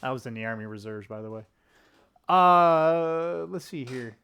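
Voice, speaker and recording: A man's voice: a little slow, clean tone, dull audio. A middle-aged man rambling to camera in a casual political vlog, swearing, laughing often and wandering off on tangents. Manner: profane, laughing, tangent-prone, animated swings in pitch. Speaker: political vlogger. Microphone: camera close up at a desk.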